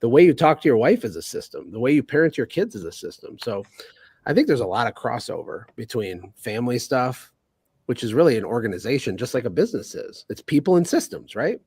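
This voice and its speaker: A man on a podcast as a guest, talking over his phone in a casual chat, energetic and sarcastic. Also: medium pitch, husky, dry recording. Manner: sarcastic, energetic, rapid asides. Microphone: phone on a call.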